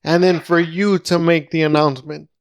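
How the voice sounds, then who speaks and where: A man's voice: fairly high pitch, level tone, normal speed. A man from South Texas hosting a comedy podcast, talking in rambling stop-start bursts. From Rio Grande Valley, South Texas. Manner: rambling, stammering restarts. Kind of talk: casual podcast chat.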